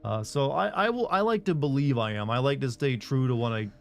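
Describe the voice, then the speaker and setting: A man's voice: mid-range voice, fairly quick, gravelly, soft background music. A young man streaming a video game, chatting casually and rambling with lots of fillers. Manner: rambling, relaxed, frequent fillers. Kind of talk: casual live-stream chat.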